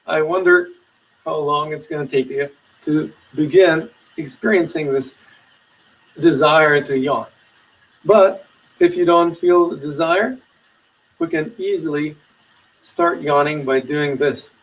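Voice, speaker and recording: A man teaching meditation in a webinar, giving slow, soothing guided instructions with long pauses. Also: a little high, lively intonation, far from the mic, poor audio.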